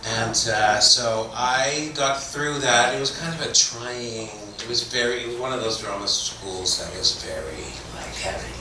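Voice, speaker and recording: A middle-aged Toronto actor on a convention panel spins rambling, self-deprecating anecdotes in a mid-range voice that's pushed and bright, a little slow yet with few pauses. The mic sits far off in an echoey hall, picking up background noise.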